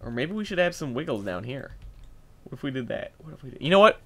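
A young man giving casual gameplay commentary, thinking aloud, getting excitable and swearing as he works. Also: medium pitch, fast, vocal fry. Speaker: gameplay video host.

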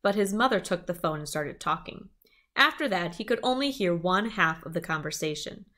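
Lively woman reading a children's book. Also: on the low side, normal speed. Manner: lively storytelling, small asides. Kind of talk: reading a chapter book aloud.

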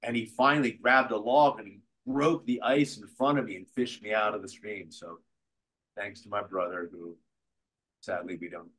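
Deep husky-voiced older male actor. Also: moderate pace, poor audio. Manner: animated storyteller who acts out quotes. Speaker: guest actor. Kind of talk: conversational interview storytelling.

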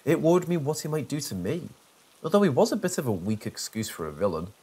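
Husky male horror-story narrator. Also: a little high, sing-song, fast, mellow. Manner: dry, sarcastic storytelling. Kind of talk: scripted first-person narration.

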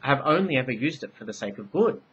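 A man's voice: medium pitch, sing-song, fast, a bit bright, highs cut off, slight background noise, pitched above the performer's own voice. A man voicing a young Minoan priestess, speaking earnestly and pleading in a raised voice.

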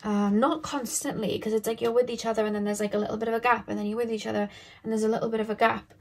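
A woman's voice: fairly high pitch, level tone, very fast. A woman giving a casual pick-a-card tarot reading to her viewers, rambling and thinking aloud with lots of filler words.

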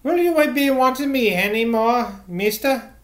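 A man's voice: extremely high pitch, lively intonation, unhurried, pitched above the performer's own voice. A man voicing a gossiping old village woman with a rustic dialect, shocked at what she overheard. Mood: eager. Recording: echoey room.

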